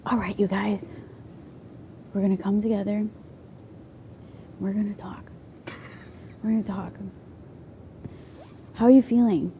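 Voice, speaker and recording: A woman's voice: medium pitch, fairly even intonation, dark tone, slight background noise, natural voice. A woman doing an awkward, fumbling youth leader guy. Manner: halting, apologetic, flustered.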